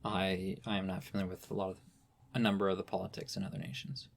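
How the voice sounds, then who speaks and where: A man's voice: sits low, level tone, quick pace, vocal fry, slight background noise. Rambling man on a podcast. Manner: rambling, restarts often, many "you know" fillers. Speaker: podcast guest expert. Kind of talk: casual podcast conversation.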